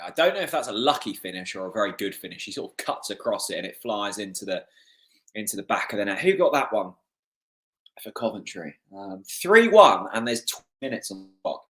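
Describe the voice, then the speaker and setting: A young man hosting a live football watchalong, excitable and getting hoarse. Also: lowish voice, a little fast. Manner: excitable, swings from calm chat to shouting at goals. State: losing his voice. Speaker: fan watchalong host.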